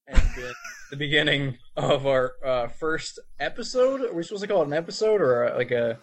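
A young man with a New Jersey accent rambles through a casual podcast chat, stumbling over words because of a slight speech impediment. He is on cold medicine, and his talk is loose, halting and full of fillers and swearing. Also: fairly high pitch, very animated. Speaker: podcast co-host.

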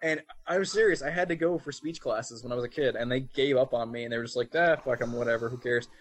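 A man's voice: medium pitch, quick pace. A young man with a New Jersey accent, co-hosting a casual podcast chat, rambling with many fillers, with a slight speech impediment and on cold medicine. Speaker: podcast co-host.

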